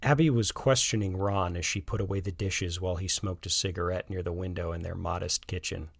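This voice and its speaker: A man narrating a scripted story in a calm, even manner. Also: deep voice, fairly quick, creaky, no room sound, studio quality.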